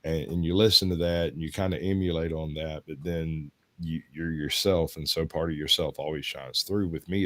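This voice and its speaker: Southern US man, co-host, very low pitch, close dry mic, rambling chat. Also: fairly bright tone, no echo. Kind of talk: casual chat.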